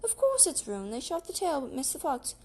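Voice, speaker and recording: A woman's voice: high voice, wildly swooping pitch, brisk, a little mellow, pitched above the performer's own voice. A woman voicing an impatient, bossy woman who snaps orders, in a storybook reading. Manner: bossy, snapping. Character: sharp, impatient woman of the house.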